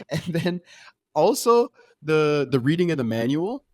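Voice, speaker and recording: Young male podcast co-host, very lively pitch, dry close sound, incredulous, swears and laughs a lot. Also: takes it slowly, dry recording. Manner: animated, incredulous, laughs often, swears freely. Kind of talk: casual film discussion.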